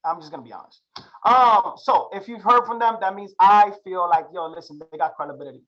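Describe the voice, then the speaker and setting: A man's voice: sits high, fairly quick, fairly bright tone, muffled recording. A young man teaching a live chart-reading class, slangy and hyped, drilling his students with repeated questions. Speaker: trading instructor.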